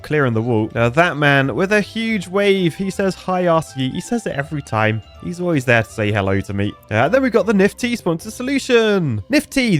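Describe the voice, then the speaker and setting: A man casually commenting while playing a bridge-building game, thinking aloud and chuckling often. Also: on the high side. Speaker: gaming YouTuber.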